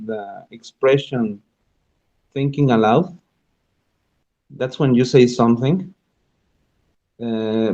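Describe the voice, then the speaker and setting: Spanish-speaking guy hosting radio in english, slow and halting, lots of uh and restarts, muffled sound. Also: medium pitch, dark tone. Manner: halting, many restarts and fillers, thinking aloud. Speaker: radio show host. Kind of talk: unscripted radio talk about learning languages.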